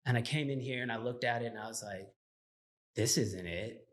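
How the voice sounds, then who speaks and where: A man with a Texan accent, a restaurant owner telling his story as a guest in a casual chat, animated and laughing as he acts out the dialogue. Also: medium pitch, brisk.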